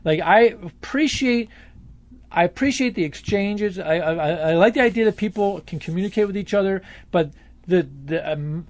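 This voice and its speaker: Emphatic, profane man telling stories. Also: sits high. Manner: emphatic, profane, rambling storyteller. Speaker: interviewee. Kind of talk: candid conversational interview.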